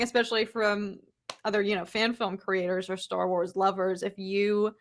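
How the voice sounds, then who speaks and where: A woman's voice: mid-range voice, vocal fry, a bit bright. A woman hosting a livestream who chats casually and enthusiastically with guests. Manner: giggly and enthusiastic. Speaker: livestream host. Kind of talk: casual chat.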